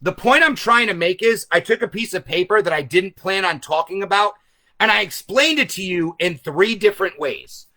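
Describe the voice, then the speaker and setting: A man hosting a live stream, speaking loudly and emphatically as he explains a point to his viewers. His voice sits high and bright and swings a lot in pitch. He talks from a camera set some way back. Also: lively intonation, normal speed. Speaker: host. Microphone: camera set back from him.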